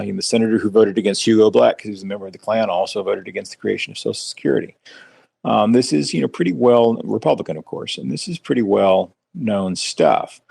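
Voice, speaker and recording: A man co-hosting a political podcast, talking in a measured, hesitant way with frequent ums and sardonic asides. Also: sits low, creaky, darkish tone, husky, dry recording. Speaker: podcast co-host and writer. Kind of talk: casual political discussion.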